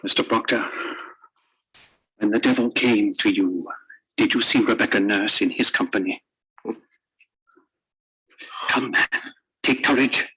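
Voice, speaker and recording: A man's voice: lowish voice, a little slow, pauses often, bright, forceful tone, slightly rough, exaggerated voice, low-quality recording. A man playing a stern commanding magistrate. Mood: insistent. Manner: commanding, insistent. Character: stern male magistrate pressing a confession. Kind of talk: radio play acting. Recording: archival radio play recording.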